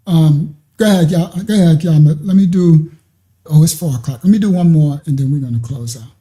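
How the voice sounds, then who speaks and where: A man's voice: fairly high pitch, a little fast, warm tone. A man giving a rambling live-streamed religious teaching, often checking that listeners understand. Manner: rambling, keeps asking "you understand?".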